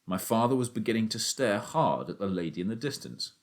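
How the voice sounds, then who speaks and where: Male audiobook narrator for a children's novel. Low-pitched, with lively, expressive storytelling. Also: fairly quick.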